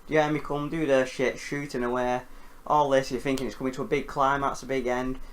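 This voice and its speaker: A man hosting a casual film recap, animated and jokey, with casual swearing. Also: medium pitch, brisk. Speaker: film reviewer host.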